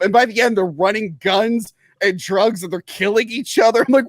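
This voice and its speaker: A man co-hosting a casual movie review podcast, enthusiastic and quick to laugh. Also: very high-pitched, no room sound, clean studio sound. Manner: enthusiastic, laughs often, animated. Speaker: podcast co-host.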